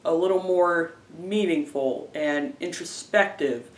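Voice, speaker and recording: A man giving a casual spoken album review, halting often with fillers and restarting his phrases. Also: a little high. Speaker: music reviewer. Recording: roomy, distant from the mic.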